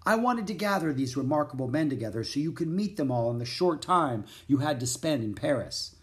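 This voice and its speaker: A man doing a calm old wizard with a deep, unhurried voice, speaking in measured, kindly lessons. His delivery rises and falls with lively storybook expression. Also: close to an everyday voice. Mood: gentle, wise. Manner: slow, measured, kindly teaching.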